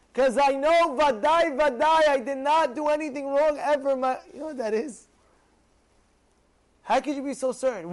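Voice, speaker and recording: Rabbi type, man, very high pitch, animated lecturer who acts out examples and hammers points by repetition. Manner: animated, acts out quoted people, repeats phrases for emphasis. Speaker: rabbi giving a Torah class. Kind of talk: lively Torah lecture.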